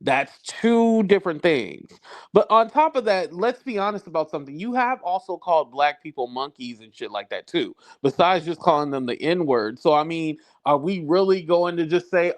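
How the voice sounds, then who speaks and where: A man's voice: fairly high pitch, expressive, normal speed. A man arguing bluntly and confrontationally on a livestream panel, repeating his points for emphasis. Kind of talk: heated argument on a livestream.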